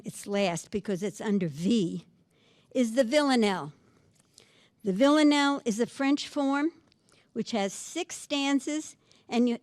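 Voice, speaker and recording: An older woman gives a library lecture on poetry, speaking slowly in a fairly high voice. She reads lines of verse with care, then talks about them in a friendly way. The sound is dry and close, with no room echo.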